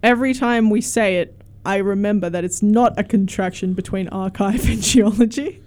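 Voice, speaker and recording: A woman's voice: mid-range voice, normal speed, a little mellow. Chatty woman radio host. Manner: chatty, laughs often, asks questions. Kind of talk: casual radio chat.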